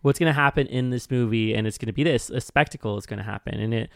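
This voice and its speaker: Man explaining a film, smooth dry voice. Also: medium pitch, quick pace, no echo. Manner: explanatory, hesitant with restarts and fillers. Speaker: podcast co-host. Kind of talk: casual film discussion.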